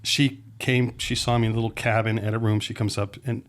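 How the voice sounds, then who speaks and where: Low-voiced middle-aged man telling stories. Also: level tone, brisk. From Pennsylvania. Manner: rambling, restarts mid-sentence, acts out quotes. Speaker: filmmaker guest. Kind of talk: anecdotal storytelling in a podcast chat.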